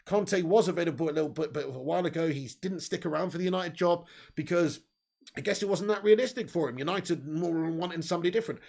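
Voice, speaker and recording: A man's voice: on the high side, fast, creaky, a little mellow. A man hosting a live fan stream, reading viewer comments in loose, sweary casual chat. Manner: loose, sweary, laughs often. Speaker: fan channel host.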